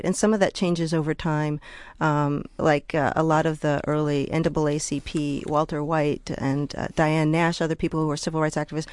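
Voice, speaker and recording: A woman's voice: low-pitched, dry recording, studio quality. A woman guest on a radio talk show who talks through ideas with thoughtful restarts. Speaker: guest author and scholar. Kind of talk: radio discussion. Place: radio studio.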